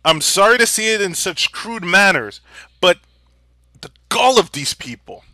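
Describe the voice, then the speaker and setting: A young man delivering an angry, profanity-filled vlog rant and shouting at times. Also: high-pitched, lively intonation, measured pace, dry recording, clean studio sound. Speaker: vlogger.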